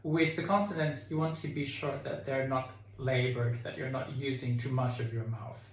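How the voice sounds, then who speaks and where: A man leading a choir tutorial, calmly explaining diction and sometimes singing phrases to show them. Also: mid-range voice, moderate pace. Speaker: choir director. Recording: echoey room with keyboard.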